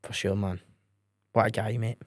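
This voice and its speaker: A man's voice: fairly low pitch, steady tone, moderate pace, no echo, clean studio sound. A Scottish man in his twenties co-hosting a podcast, laid-back and laughing often, tagging "mate" onto his sentences. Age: 20s. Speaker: podcast co-host. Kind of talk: casual chat.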